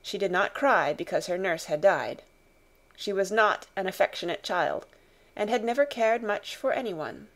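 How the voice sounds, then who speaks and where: A woman narrating a classic novel as an audiobook reader, in calm, even storytelling. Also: mid-range voice, creaky.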